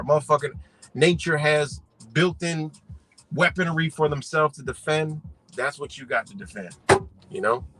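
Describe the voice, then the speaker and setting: Forceful, profane man ranting on a livestream. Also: mid-range voice, rough recording. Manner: profane, slangy and emphatic, fillers like "you know". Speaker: livestream host. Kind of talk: unscripted livestream rant.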